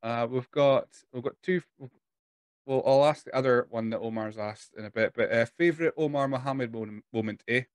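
A man hosting a casual interview podcast, reading out listener questions in a relaxed, halting way. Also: mid-range voice, clear, resonant tone, no echo. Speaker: podcast host.

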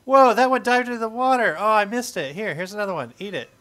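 A man hosting a casual let's-play, joking and excitable as he plays alongside a child. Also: high voice, fast talker. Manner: playful, excitable, jokey with a child. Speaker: gameplay host.

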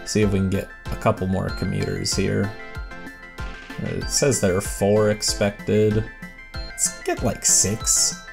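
A let's play host gives casual, rambling commentary on his gameplay, poking fun at himself and chatting to the on-screen characters. His lowish, creaky voice is steady and slow, with music playing underneath.

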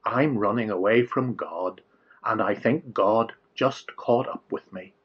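A man voicing a sheepish, glum runaway prophet who speaks in a low, resigned way, on a dull lo-fi recording. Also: slow pace, slightly rough.

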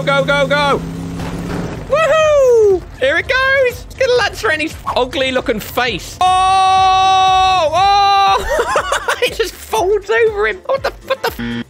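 A young man doing lively gameplay commentary, trash-talking with slang and laughing often. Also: high voice. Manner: rowdy, jokey trash-talk with slang and frequent laughter. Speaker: gaming YouTuber.

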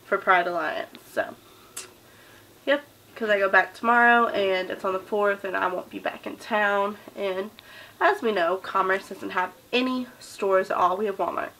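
A young woman from the South with a Southern US accent, chatting to camera in a casual daily vlog and telling stories in an animated way. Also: mid-range voice, normal speed, vocal fry, slight background noise, low-quality recording. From Southern United States. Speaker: vlogger.

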